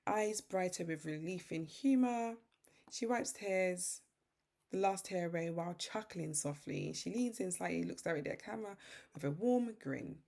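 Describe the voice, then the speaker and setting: A British woman hosting a software tutorial, casually explaining each step as she works through it on screen. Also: lowish voice, moderate pace, gravelly. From Britain. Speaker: tutorial host.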